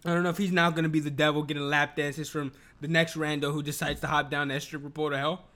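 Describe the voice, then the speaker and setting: A man's voice: on the high side, flat delivery, quick pace, bright, forceful tone. A man chatting to his viewers in a loose, profane, rambling rant, often restarting his sentences. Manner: rambling, profane, keeps restarting, bursts into laughter. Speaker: video commentator.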